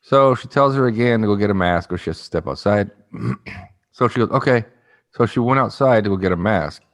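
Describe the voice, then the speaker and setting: A man's voice: on the low side, animated, a little fast. A man co-hosting a podcast, casually telling a rambling story and acting out the people in it. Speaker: podcast co-host.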